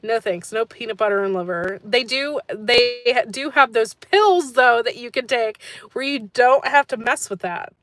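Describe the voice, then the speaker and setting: A woman's voice: fairly high pitch, normal speed, a bit bright, no echo. A woman hosting a gardening channel, chatting casually on a live stream and answering viewer comments, rambling and laughing often.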